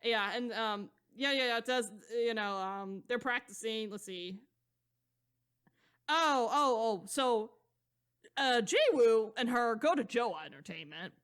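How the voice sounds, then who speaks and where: A woman co-hosting a podcast recaps a novel in a loose, rambling chat, her high, bright, clean voice animated and unhurried. She swears casually and leans heavily on fillers like "blah, blah."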